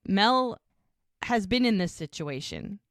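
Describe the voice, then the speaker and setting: A woman's voice: medium pitch, animated, slow, no room sound, studio quality. A woman co-hosting a podcast, casually recapping a show episode and retelling each scene by quoting the characters' lines. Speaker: podcast co-host.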